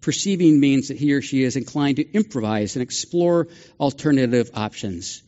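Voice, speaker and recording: An older man preaching from a church platform in a loose, conversational way, dropping asides and gentle self-deprecating jokes as he goes. His voice sits at an ordinary pitch, and the lo-fi recording dulls it a little. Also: animated, normal speed. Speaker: pastor. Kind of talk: sermon. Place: church sanctuary.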